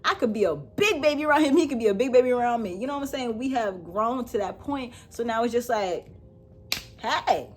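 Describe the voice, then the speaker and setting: A woman's voice: fairly high pitch, animated, brisk. A young woman hosting her own show, giving relationship advice in a casual, emphatic way and repeating her points with affection. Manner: emphatic, repetitive, playful and affectionate. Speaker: host.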